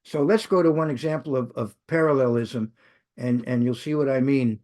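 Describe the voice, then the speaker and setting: A man's voice: mid-range voice, normal speed, darkish tone. A man teaching a Bible study who checks in with his listeners and often stumbles, restarts and corrects himself as he goes. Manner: many restarts and self-corrections, engaging; checks in with the audience.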